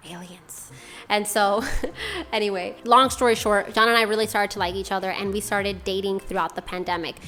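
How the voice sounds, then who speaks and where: A woman's voice: mid-range voice, normal speed, pushed and bright. A young woman from Boston telling her personal story to her channel in a casual, rambling way, full of "like" and other fillers. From Boston, USA. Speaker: channel host. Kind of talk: personal testimony vlog.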